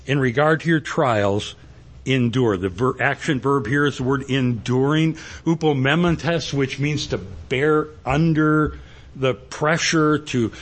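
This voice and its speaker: A man's voice: mid-range voice, slow. A male pastor preaching a sermon, telling a rambling, folksy personal story.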